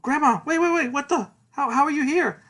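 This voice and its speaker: A man's voice: on the high side, very animated, very fast, creaky, a bit bright, breathy edge, heavily acted. A man voicing a flustered, panicky teenage boy student who stammers as he retells a comic. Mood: bewildered.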